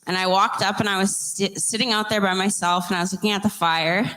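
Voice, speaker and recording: Brief: young woman host, earnest and emotional, halting heartfelt storytelling. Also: mid-range voice, fairly even intonation, bright, forceful tone. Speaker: podcast host interviewing survivors. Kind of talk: heartfelt personal storytelling and questions.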